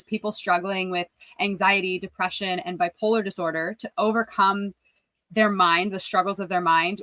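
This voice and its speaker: Bright, earnest woman guest. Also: mid-range voice, no room sound, poor audio. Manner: earnest, heartfelt, open. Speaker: podcast guest, wellness coach. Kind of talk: casual interview answers.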